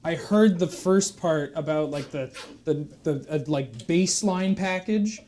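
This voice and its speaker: A man plays an eager humanoid cow who longs to drum, stumbling over words with fillers and restarts. the voice sits slightly high and stays casual. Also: warm tone, a little hiss or hum, natural voice. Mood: hesitant. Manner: hesitant, halting.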